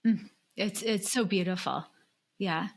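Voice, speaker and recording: A woman's voice: medium pitch, unhurried. Affirming middle-aged woman podcast host. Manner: warm, affirming, storytelling. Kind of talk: conversational podcast interview.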